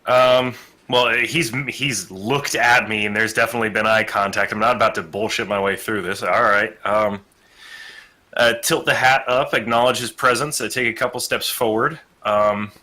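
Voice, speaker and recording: A man plays his character at a tabletop game, hesitant and chatty between polite in-character lines. His voice sits fairly low but sounds bright and forward. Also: fairly even intonation, moderate pace. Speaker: player.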